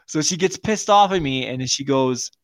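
A man's voice: medium pitch, animated, normal speed, a bit bright, smooth, no echo. Guy on a podcast telling a crude story, lots of swearing and laughing, dry close sound. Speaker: podcast co-host. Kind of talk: casual storytelling chat.

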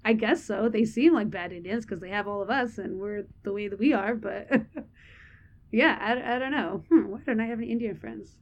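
A woman's voice: medium pitch, moderate pace, highs cut off. Candid rambling woman podcaster. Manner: candid, rambling with many "like"s, laughs often. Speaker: podcast co-host. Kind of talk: casual chat.

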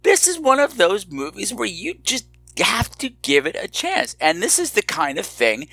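Guy podcaster riffing on a movie, higher voice, swoops all over the place, really animated. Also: moderate pace, no room sound. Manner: animated, playfully exaggerated. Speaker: podcast host. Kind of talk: casual movie review chat.

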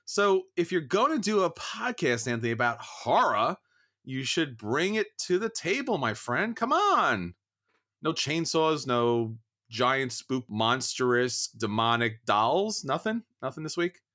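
A man's voice: mid-range voice, a little slow. A man co-hosting a podcast in casual, joking chat. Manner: joking, animated. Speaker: podcast co-host.

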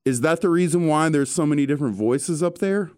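A man hosting a casual chat, telling stories in an animated way with casual swearing. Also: a little high, a little fast, smooth, no echo, clean studio sound.

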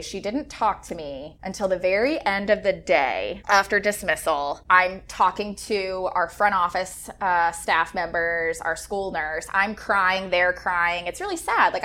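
A woman in her twenties, a former school counselor, telling a story on a casual podcast in a lively way, full of fillers and acted-out quotes. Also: on the low side. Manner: animated, lots of fillers and reenacted quotes.

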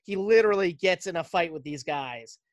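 A podcast host casually recapping a movie plot, telling it in an animated way and slipping into quick character voices. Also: mid-range voice, no echo, studio quality.

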